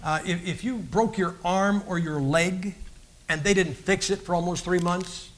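A man's voice: sits high, a little slow. A man giving a personal testimony as a guest preacher, telling his story in an earnest, folksy way with frequent restarts.

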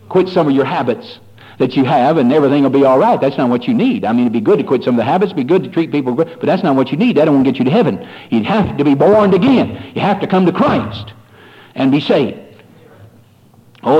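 Fiery preacher on lo-fi radio. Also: male voice, breathy edge. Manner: swings from low, quiet warnings to loud rising exhortation; addresses listeners as "folks", repeats phrases. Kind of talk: fiery revival sermon.

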